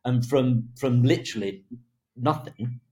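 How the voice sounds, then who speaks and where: A man with a middle-range voice tells a story in an interview. He is lively and laughs between phrases. He acts out what other people said. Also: mid-range voice, unhurried. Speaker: hairdressing creative director. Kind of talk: telling an anecdote in an interview.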